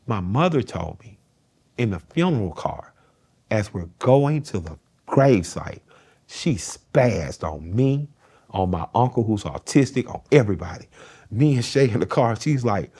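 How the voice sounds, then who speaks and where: A man's voice: mid-range voice, very animated, moderate pace, a little mellow, breathy edge. A middle-aged man, a guest in an interview, telling a personal story in a plain-spoken, earnest way and swearing casually.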